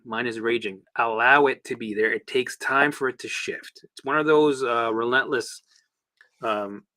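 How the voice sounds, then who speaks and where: A man hosting a casual livestream, coaching viewers through exercises in an animated, chatty way with the odd swear word. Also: medium pitch. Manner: guides listeners through exercises. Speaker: host and recovery coach.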